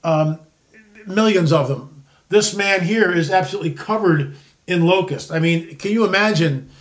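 A man's voice: high voice, normal speed. A man in his sixties hosting a solo commentary show, rambling and sarcastic with frequent restarts. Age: 60s.

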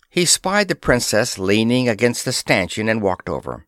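A man narrating a pulp science fiction story in a steady, measured way. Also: on the low side, no echo, clean studio sound.

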